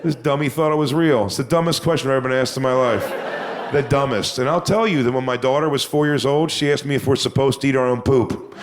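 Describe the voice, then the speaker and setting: A man doing a stand-up comedy routine, telling a crude story with punchlines that build to shouting. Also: mid-range voice, steady tone, brisk, background noise.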